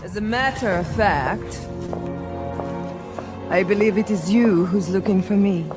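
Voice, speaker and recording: A woman's voice: mid-range voice, measured pace, music in the background, lightly acted. An actress playing a proud woman in a fairy-tale film, commanding and theatrical. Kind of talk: fantasy film acting. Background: film score.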